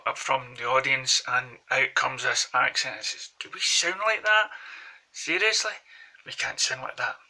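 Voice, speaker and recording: A man's voice: mid-range voice, vocal fry, bright, forceful tone, poor audio. A man with a Glaswegian accent from Scotland, rambling through casual anecdotes as a vlogger. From Glasgow, Scotland. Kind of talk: casual chat to camera.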